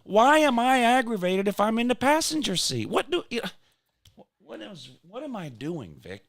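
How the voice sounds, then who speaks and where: A man, hosting a casual chat and telling a story in a self-mocking way, sometimes loud and sometimes mumbling. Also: extremely high pitch, very animated, moderate pace, dry recording. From Georgia, US. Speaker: podcast host.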